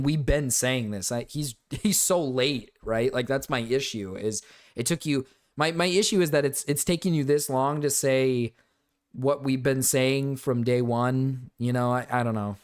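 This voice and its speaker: A man streaming and reacting to videos, casual, crude and often laughing. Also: medium pitch. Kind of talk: casual livestream reaction chat.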